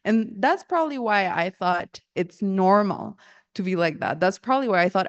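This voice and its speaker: A woman's voice: mid-range voice, very animated, normal speed, dull audio. A young adult woman telling a personal story in casual talk, acting out quotes and laughing often. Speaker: storyteller sharing personal experience.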